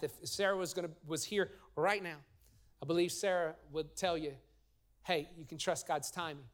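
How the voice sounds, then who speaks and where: A middle-aged man preaching a lively sermon as pastor, telling stories and leading his congregation in call-and-response. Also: a little high, moderate pace. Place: church sanctuary.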